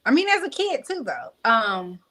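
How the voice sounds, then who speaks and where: A woman's voice: a little high, huge pitch swings, moderate pace, pushed and bright, rough recording. A young adult woman speaking candidly as a podcast guest, telling reflective personal stories with many fillers. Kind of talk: podcast interview.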